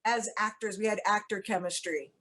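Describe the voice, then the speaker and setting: A woman's voice: medium pitch, normal speed, bright, forceful tone. A woman from the United States, an actress, chatting as an interview guest in a rambling way, full of "like"s and self-corrections, with wry, blunt humor. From United States (Cincinnati). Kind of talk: casual chat.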